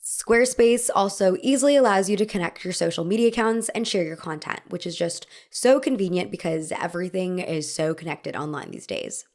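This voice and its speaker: A woman's voice: lowish voice, brisk, few pauses, darkish tone. A young woman hosting a scripted video essay, with a wry, conversational delivery and asides that make her laugh.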